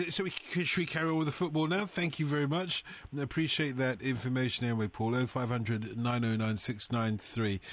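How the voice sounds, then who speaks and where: A man hosting a live radio football phone-in, brisk and jokey, reading out texts and the phone number. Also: medium pitch, steady tone. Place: radio studio. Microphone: studio microphone.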